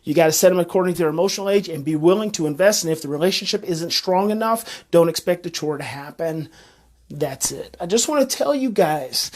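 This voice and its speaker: A man giving a live-streamed parenting talk, earnest and coaching, who repeats his key phrases like a refrain. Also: high voice. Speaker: parenting educator.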